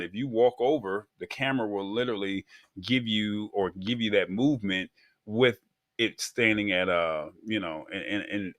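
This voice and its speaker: Male co-host, lowish voice, dry close recording, easygoing chatty delivery. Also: dry recording. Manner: relaxed, leans on "I mean" fillers. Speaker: tech show co-host. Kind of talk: casual tech chat.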